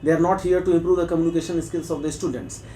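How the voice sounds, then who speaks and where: A man's voice: on the high side, steady tone, very fast, mellow, roomy sound, a little hiss or hum, poor audio. A man from Bihar with an Indian accent, conducting a mock job interview and pressing the candidate with challenging questions.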